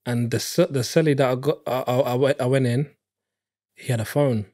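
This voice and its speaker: A man's voice: medium pitch, fairly even intonation, normal speed, darkish tone. Guy in his 30s, guest on a podcast, candid and slangy. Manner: candid storytelling, street slang. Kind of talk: casual interview chat.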